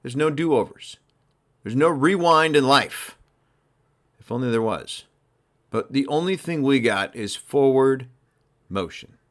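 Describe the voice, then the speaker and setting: A man's voice: mid-range voice, a little slow, long pauses. Emphatic motivational man on a podcast. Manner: energetic, emphatic, conversational, uses "literally" and "like". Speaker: sales coach and podcast host.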